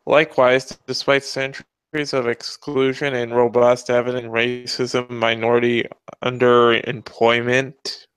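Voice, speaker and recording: A man with a smooth, clean voice reads articles aloud on a podcast and adds deadpan, sarcastic remarks. The sound is dry and close. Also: medium pitch, measured pace, no echo. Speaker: podcast host reading articles. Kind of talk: casual commentary.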